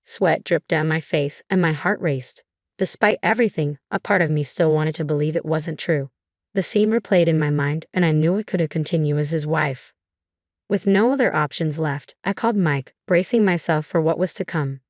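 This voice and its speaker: Woman narrator, low pitch, dry close recording, measured scripted storytelling. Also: no echo.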